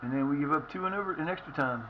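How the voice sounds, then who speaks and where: A man's voice: on the high side, racing, highs cut off, noisy background. Profane, ranting man streamer. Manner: frustrated, profane ranting at the game. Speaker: streamer playing a football management game. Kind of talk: live game commentary.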